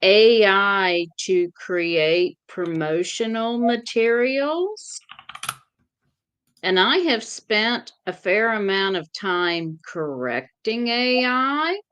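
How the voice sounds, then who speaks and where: Very slow Southern woman, bright clear voice. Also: mid-range voice, expressive. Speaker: co-host. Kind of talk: casual chat on a livestream.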